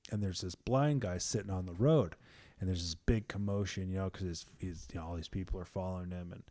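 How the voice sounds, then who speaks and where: A man hosting a podcast, talking casually and with feeling about faith, full of fillers like "man" and "like" and sometimes dropping to hushed tones. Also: low-pitched, fairly quick. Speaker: podcast host.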